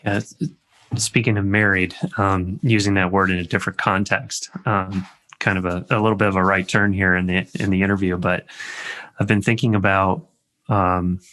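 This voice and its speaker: A man co-hosting a podcast interview, talking slowly and searchingly with many pauses and ums. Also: low-pitched, level tone, sharp tone. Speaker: podcast co-host.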